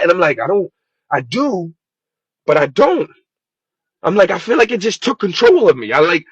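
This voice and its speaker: A man's voice: high voice, expressive, brisk, fairly bright tone, husky, dry recording, poor audio. A man giving emotional personal testimony, passionately questioning his younger self over and over. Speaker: speaker sharing his life story.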